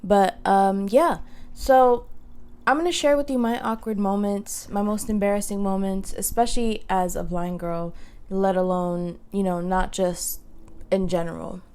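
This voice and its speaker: A woman's voice: mid-range voice, fairly even intonation, unhurried, darkish tone, smooth. A young woman hosting a casual solo podcast, telling stories in a chatty way full of fillers. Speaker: podcast host. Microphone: podcast microphone.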